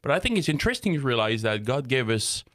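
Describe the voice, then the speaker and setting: A man's voice: medium pitch, sing-song, fast, fairly bright tone, no echo, studio quality. A man from France co-hosting a casual faith talk show, chatty and laughing often. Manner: laughs often, loses his thread, chatty. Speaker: co-host.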